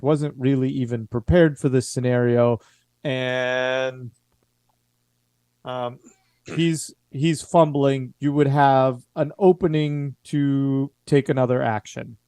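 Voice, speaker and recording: A man running a tabletop game as game master, describing the action in a measured way. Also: medium pitch, a little mellow, clean tone, dry recording, clean studio sound.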